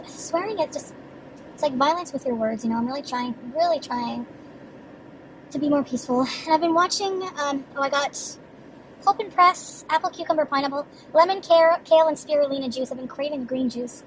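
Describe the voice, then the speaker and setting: A woman rambles through a casual vlog, chatty and quick to giggle, with swear words sprinkled in. Her voice sits high. A faint hiss runs underneath. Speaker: vlogger.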